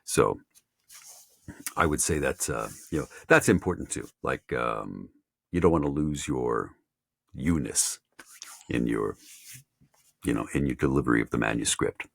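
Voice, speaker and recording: A man mentoring voice actors in a casual chat, halting with many fillers and restarts. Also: rumbling low, expressive, vocal fry, fairly bright tone, dry recording. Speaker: voice acting mentor.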